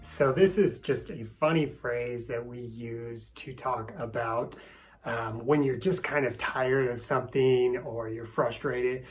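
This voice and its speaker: Slow, easygoing male English teacher. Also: medium pitch, faint music behind. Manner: relaxed, playful, acts out exasperated exclamations. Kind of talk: casual video lesson.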